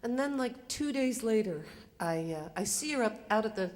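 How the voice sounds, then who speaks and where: A woman's voice: fairly high pitch, lively intonation, moderate pace, a little mellow, a little hiss or hum. An older woman telling a personal story live on stage, in a conversational, self-mocking way with lots of fillers. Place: theater stage. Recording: live stage recording in a reverberant hall.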